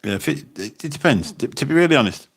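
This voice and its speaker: A man's voice: mid-range voice, animated, fast talker, gravelly, husky. A man hosting a casual livestream, chatting in a rambling way and often repeating his words as he talks into a phone. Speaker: livestream host and taxi driver. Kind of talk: casual livestream chat reading comments.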